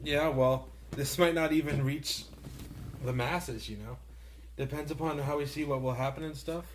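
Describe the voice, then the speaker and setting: A man's voice: fairly high pitch, fairly even intonation, normal speed, slight background noise. A young man hosting a casual podcast on a handheld mic, rambling and laughing often. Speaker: podcast host. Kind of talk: casual chat.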